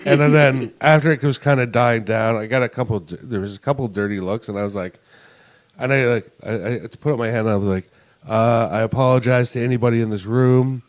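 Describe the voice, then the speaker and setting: A man's voice: medium pitch, fast. A man co-hosting a podcast, telling a long story in casual chat and laughing as he goes. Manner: animated, laughs while telling stories. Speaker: podcast co-host.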